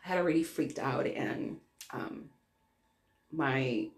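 A woman's voice: low-pitched, slow pace, pauses often. A woman hosting her own podcast, telling a personal story in a candid, rambling way with many restarts. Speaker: podcast host.

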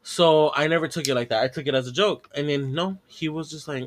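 Talking at a quick pace in a slightly high voice, this man hosts a podcast and spins a long, casual story. It's profane and full of laughter, and he performs the dialogue of the people involved.

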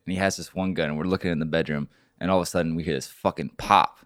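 Deep-voiced dude, swears a lot, dry close mic, chatty podcast storytelling. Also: male voice, steady tone, rapid-fire, no room sound. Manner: rambling storyteller, swears a lot, gets loud telling stories. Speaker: podcast co-host. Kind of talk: casual chat.

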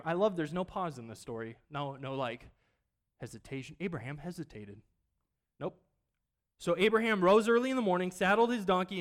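A man preaching to a congregation in a church, with a fairly high voice. He talks casually and keeps asking the room questions. He jumps from loud, emphatic bursts to quiet asides. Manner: conversational, asks the congregation questions. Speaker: pastor. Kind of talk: sermon.

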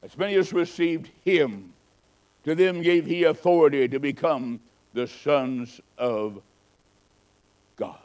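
Preaching slowly and pausing often, a man with a higher voice alternates between fervent, loud calls and soft, hushed storytelling in true travelling-evangelist style. The recording is of poor quality.

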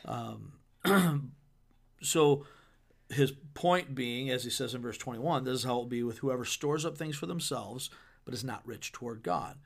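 A man with a gravelly, mid-pitched voice talks through a Bible chapter as a pastor on a podcast. He is loose and conversational and reads the verses aloud with a playful, paraphrasing touch. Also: a little slow. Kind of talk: podcast sermon discussion.

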